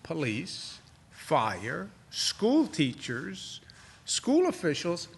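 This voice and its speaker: Older man, New York accent, press briefing, combative, repeats lines for emphasis, slightly high voice. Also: wildly swooping pitch, very slow, creaky, husky. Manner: combative, repeats phrases for emphasis, rising indignation. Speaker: governor giving press briefing. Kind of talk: press conference answers.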